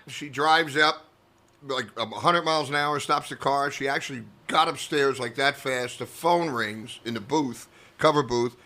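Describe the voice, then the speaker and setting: An older man, a comedian guest, telling a story in casual chat and lively acting out the people in it. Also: mid-range voice, moderate pace. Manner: animated anecdote teller who acts out quoted voices.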